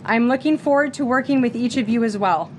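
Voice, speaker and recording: A woman speaking as a press secretary, delivering a slow, rehearsed briefing. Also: on the high side, poor audio. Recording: played-back clip with clear background noise.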